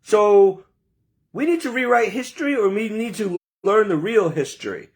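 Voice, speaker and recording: A man's voice: high-pitched, animated, normal speed. A man delivering an impassioned, preachy monologue, indignant and full of rhetorical questions.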